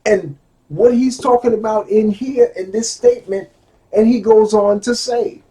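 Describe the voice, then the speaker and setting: Here a middle-aged man gives a book-based lecture, lingering over key phrases by repeating them slowly and shifting from hushed asides to booming outbursts.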